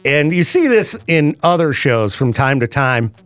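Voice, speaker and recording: A man's voice: medium pitch, a little slow, clean tone, faint music behind. A man hosting a radio show, chatting casually and laughing often. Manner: lively, animated, laughs often. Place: radio studio.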